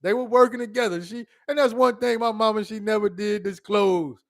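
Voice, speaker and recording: Man, 30s, vlogger: casual storytelling to a phone camera, animated, laughs often, quick asides, slightly higher voice. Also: creaky.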